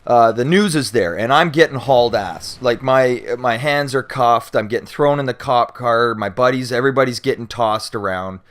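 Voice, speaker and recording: A young Canadian man with a mid-range voice tells a story in a loose, casual way. He is animated and swears freely, often stumbling and restarting his sentences. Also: medium pitch, normal speed, few pauses. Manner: animated, acts out shouting cops and panicked friends. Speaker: YouTuber answering viewer questions.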